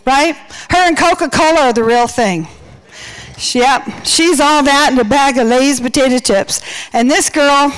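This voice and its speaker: Woman singer doing a wedding toast, high voice, breathless, acts out the quotes for laughs. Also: rough recording. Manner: storytelling with playful quoted voices. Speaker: wedding speaker and church singer. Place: church.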